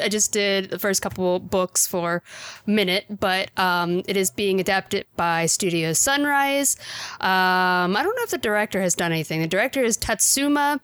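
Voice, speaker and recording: An enthusiastic woman hosting a podcast, talking in a loose, chatty way full of fillers and frequent laughter. Her voice sits at an everyday middle pitch, recorded close and dry with no room sound. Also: a bit bright, no room sound. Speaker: podcast host reviewing anime. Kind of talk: casual chat.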